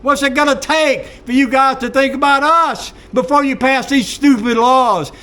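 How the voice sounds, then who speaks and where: A man's voice: very high-pitched, steady tone, moderate pace, bright, forceful tone. A man ranting in a folksy, exasperated monologue straight to camera. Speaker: vlogger.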